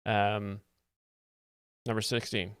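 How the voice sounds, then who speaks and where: A man hosting a stream as a mock-serious joke explainer, giving deadpan commentary on stand-up clips. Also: lowish voice, slow pace, smooth, no room sound, studio quality.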